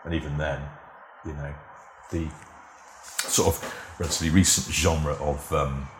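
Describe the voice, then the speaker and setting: A man's voice: extremely low pitch, fairly even intonation, normal speed, echoey room, slight background noise. A British man talking in a casual podcast conversation as a guest. He is chatty and wry and often restarts his sentences. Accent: British English. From Britain. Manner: chatty and wry, with frequent self-interrupting restarts. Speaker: guest, TV script editor and motoring journalist. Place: at home, near a garden.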